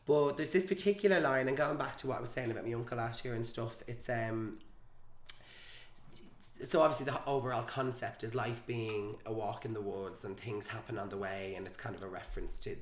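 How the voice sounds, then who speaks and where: Camp, animated man, chatty guest, roomy echo. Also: medium pitch, brisk. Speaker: actor guest. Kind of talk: casual chat.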